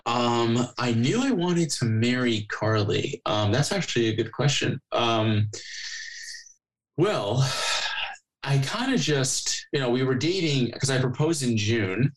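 A man's voice: mid-range voice, expressive, slow, rough recording. A man guest on a podcast, chatting casually and telling rambling stories full of fillers and acted-out dialogue. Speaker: podcast guest, company co-founder. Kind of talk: casual chat.

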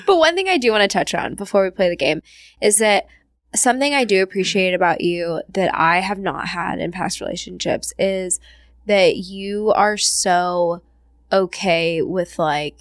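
A woman's voice: lowish voice, unhurried, no echo, clean studio sound. A woman hosting a casual podcast chat, emotional and often laughing, swearing casually. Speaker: podcast host.

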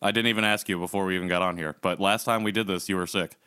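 A man's voice: low voice, fairly even intonation, rapid-fire, pushed and bright, clear, resonant tone. A young man co-hosting a podcast in casual chat, playful and mock-pompous. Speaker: podcast co-host.

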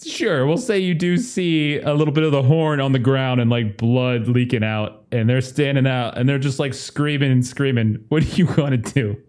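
A man's voice: mid-range voice, normal speed, hardly any pauses, darkish tone. A man narrating as game master of a tabletop game, casual, with many fillers and restarts.

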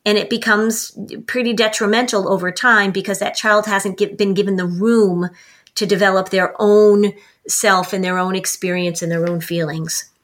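A woman's voice: medium pitch, steady tone, moderate pace, a bit bright. A woman on a parenting podcast, explaining directly and acting out short example dialogues. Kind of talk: podcast conversation.

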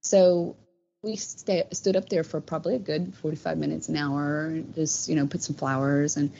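A woman's voice: sits low, fairly even intonation, moderate pace, gravelly, warm tone. A middle-aged woman telling a personal story in casual chat, with many fillers. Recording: dull, slightly noisy sound.

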